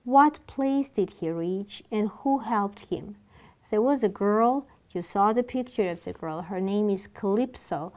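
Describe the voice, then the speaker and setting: A woman's voice: medium pitch, lively intonation, a little slow, a little mellow. Woman, English teacher, patient, repeats and asks questions. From Georgia. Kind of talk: classroom lesson.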